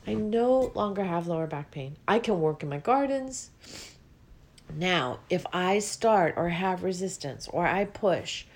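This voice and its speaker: A woman's voice: lowish voice, expressive, unhurried. A woman giving a reflective spiritual talk about listening to the body, earnest and repetitive, her voice rising with feeling and at times close to tears.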